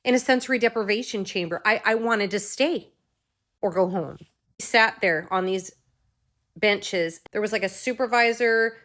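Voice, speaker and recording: A woman's voice: mid-range voice, moderate pace, a bit bright. Emotional woman telling her own story. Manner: emotional, acts out dialogue, repeats phrases. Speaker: vlogger. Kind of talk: personal storytelling to camera.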